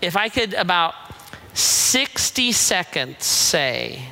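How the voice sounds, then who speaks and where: Middle-aged guy preaching, slow and punchy, bright forceful voice, acts out the quotes. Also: high-pitched, big pitch swings, vocal fry, a little hiss or hum. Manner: emphatic, acts out God and people in quoted lines. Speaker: pastor. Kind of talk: sermon.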